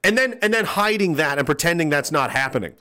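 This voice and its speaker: A man's voice: fairly high pitch, lively intonation, fast talker, sharp tone. A man hosting a podcast, ranting with profanity and reading out chat comments. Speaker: podcast host.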